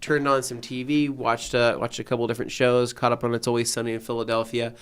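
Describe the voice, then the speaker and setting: A man in his thirties with a clean, smooth voice, pitched right in the middle. He chats casually as a podcast co-host and tells a story with animation, voicing his own exclamations. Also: level tone, fast.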